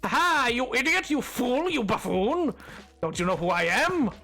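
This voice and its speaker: A man's voice: very high-pitched, expressive, unhurried, voice pushed up, full character voice. Man doing a gloating nobleman, theatrical taunts, raised hammy voice, faint music behind. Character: gloating boastful male nobleman.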